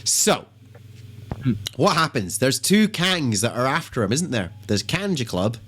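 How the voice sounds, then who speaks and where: A man from Scotland, hosting a comedy quiz in a casual, rambling, animated way and swearing freely. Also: medium pitch, measured pace, a little hiss or hum. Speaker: quiz host.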